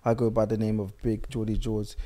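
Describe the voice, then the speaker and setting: A man's voice: on the low side, flat delivery, fairly quick, warm tone, a little hiss or hum. A young man hosting a podcast, hungover, laughing often and stumbling over his words in casual banter. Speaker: podcast host.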